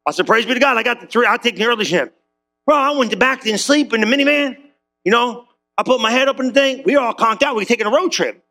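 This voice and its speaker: A man's voice: extremely high pitch, fast. A male pastor preaching a sermon, telling stories in casual slang and acting out the characters. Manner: animated storytelling with character voices; casual slang-heavy delivery.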